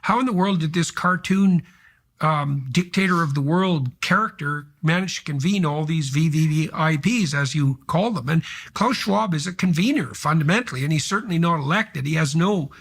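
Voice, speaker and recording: A man interviewing a guest, speaking forcefully in long, winding sentences. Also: fairly high pitch, moderate pace, slightly rough. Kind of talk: interview conversation.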